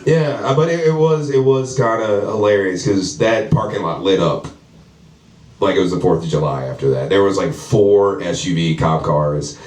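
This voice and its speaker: A man performing profane, animated stand-up storytelling at a house comedy show, acting out the people in his story. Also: low voice, moderate pace. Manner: animated, profane, acts out characters. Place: house party comedy show with live audience. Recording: echoey room, distant mic, audience laughter.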